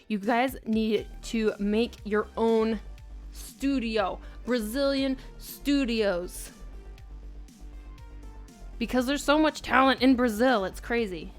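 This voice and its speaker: A woman, live-streaming and chatting casually, reading chat messages aloud and laughing often. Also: mid-range voice. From United States. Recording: faint music behind.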